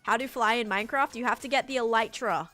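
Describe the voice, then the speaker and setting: A young woman from Sydney with a softened Australian accent, chatting casually and rambling while she streams a game and answers her chat. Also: on the high side, fast talker, soft background music.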